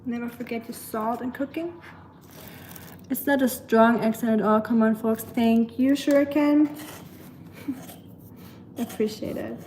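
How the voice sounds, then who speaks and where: A woman's voice: fairly high pitch, steady tone, slow pace, pauses often, darkish tone, slight background noise. Woman, German accent, casual livestream chat, cooking, pots and pans clattering. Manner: chatty, talks back to viewers, searches for words. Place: home kitchen. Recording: echoey kitchen with clattering dishes.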